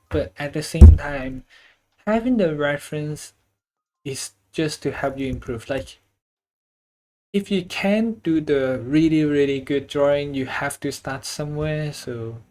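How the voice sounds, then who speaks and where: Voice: medium pitch, a little slow, dark tone, faint music behind. An artist chatting casually while drawing, rambling loosely with lots of filler words and the odd casual swear.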